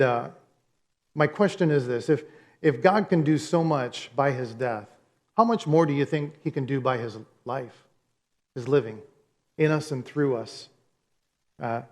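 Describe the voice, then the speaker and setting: A man preaching a sermon as pastor, telling stories and repeating phrases as he makes his point. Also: fairly high pitch.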